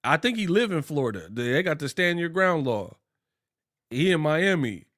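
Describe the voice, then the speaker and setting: A man's voice: on the high side, normal speed. Slangy Bay man ranting on boxing. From Bay Area, California. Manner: animated, slangy and mocking, puts on voices for quotes. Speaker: boxing commentator. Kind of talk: casual ranting commentary.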